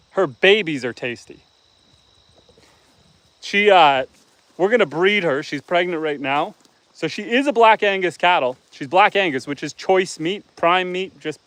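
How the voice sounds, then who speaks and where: Easygoing Canadian homesteader chatting outdoors. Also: male voice, high voice, fairly bright tone, no echo, rough recording. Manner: easygoing, chatty, teasing viewers. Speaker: homestead livestreamer. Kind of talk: casual live-stream chat reading viewer comments. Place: outdoors on a farm with animals.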